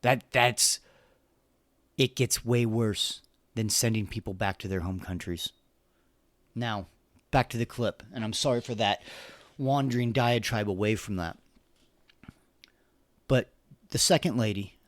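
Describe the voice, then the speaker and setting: A man's voice: fairly low pitch, a little slow, long pauses, no echo. American guy doing a solo opinion podcast, earnest and fired up, dry close sound, keeps restarting his sentences. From United States. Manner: earnest, impassioned, repeats words while searching for them. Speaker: podcast host.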